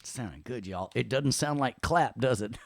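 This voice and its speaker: A man teaching an audio software lesson in a casual, playful way, tossing in corny jokes between the steps. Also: medium pitch, lively intonation, measured pace, gravelly, dry recording, clean studio sound, faint music behind. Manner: playful, joking, chatty with corny puns. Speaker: audio production instructor.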